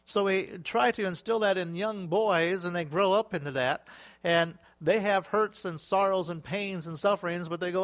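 A man preaching a sermon to his church, lively and conversational, bursting into exclaimed hallelujahs and acting out little quoted exchanges. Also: high voice, normal speed. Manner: animated, with sudden exclaimed hallelujahs and acted-out quotes. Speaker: pastor.

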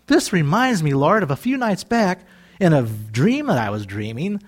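High-voiced preacher acting out scenes. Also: male voice, normal speed, husky. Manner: animated, acts out quoted voices, laughs often. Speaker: pastor. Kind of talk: sermon.

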